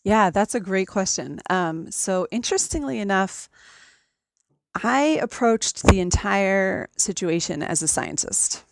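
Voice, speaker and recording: A woman talking in a relaxed conversation over a remote call, explaining things step by step with frequent ums. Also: medium pitch, unhurried, dry recording. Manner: methodical, explanatory, with many ums. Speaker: podcast guest. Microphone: remote call recording.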